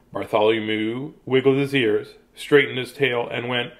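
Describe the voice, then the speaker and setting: In a mid-range, steady voice, a man reads his own picture book to children, unhurried and with hardly any pauses. His delivery is sing-song and playful, sinking to a soft hush at the endings, and afterward he chats casually about the book.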